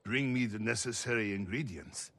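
Game role: a lonely old dye merchant, husky and gravelly, low voice, formal and somber. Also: male voice, moderate pace, a bit bright. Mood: somber, courteous.

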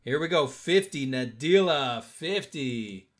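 A man's voice: on the high side, expressive, slow. A man hosting a live-stream auction, joking with bidders and counting down bids. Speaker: auction host.

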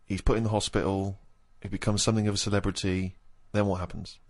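A man, a co-host in a casual podcast chat, speaking in a dry, wry, measured way. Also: on the low side, level tone, a little mellow.

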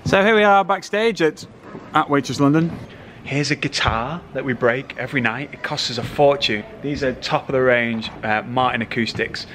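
A young man hosting a casual behind-the-scenes vlog, chatty and jokey with quick asides. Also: medium pitch, fairly bright tone, a little hiss or hum. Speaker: vlog host.

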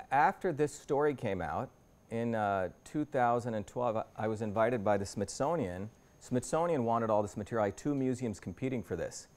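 A man in his fifties speaks as a guest lecturer in a university lecture room. His voice sits at an ordinary middle pitch. He talks the audience through his slides in a loose, conversational way and often restarts his sentences.

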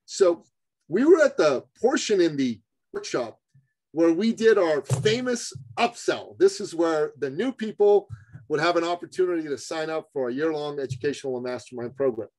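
A man telling a story as a podcast guest, animated and addressing the host as brother. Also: on the high side, normal speed, dry recording, poor audio.

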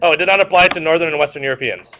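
A man teaches a history lecture to a class, repeating key points and making animated, joking asides to students. His voice is a little high and racing, with a little hiss or hum in the audio.

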